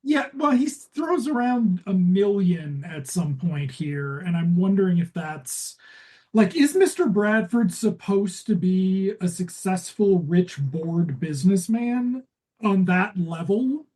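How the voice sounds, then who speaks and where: A woman co-hosting a comedy podcast, talking in a sardonic, profane way that jumps up and down in pitch. She sits at a middle pitch for a woman. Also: slow, breathy edge. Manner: sardonic, swears freely, lively jumps in pitch. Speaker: podcast co-host. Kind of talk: casual comedic chat.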